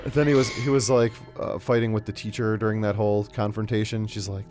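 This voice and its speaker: Guy on a movie podcast talking fast, lowish voice, acts out scenes and swears a lot. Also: music in the background. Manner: animated, acts out movie lines, profane. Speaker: podcast co-host reviewing a movie. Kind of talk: casual chat.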